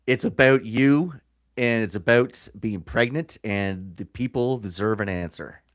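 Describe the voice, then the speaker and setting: A man's voice: fairly low pitch, no echo. A man with a Canadian accent co-hosting a comedy podcast, reacting and laughing readily in loose banter. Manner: animated, quick to laugh and react. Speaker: podcast co-host.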